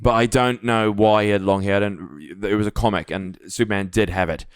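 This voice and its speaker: A man's voice: fairly low pitch, steady tone, brisk, smooth, no room sound, clean studio sound. A man co-hosting a podcast in casual chat, joking and swearing freely. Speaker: podcast co-host.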